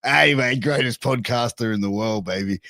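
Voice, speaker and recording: A young Australian man with an Australian accent, a guest on a casual podcast, chatting in a relaxed, slangy way. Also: mid-range voice, moderate pace, no room sound. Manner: laid-back, slangy, says "bro" and "man" a lot.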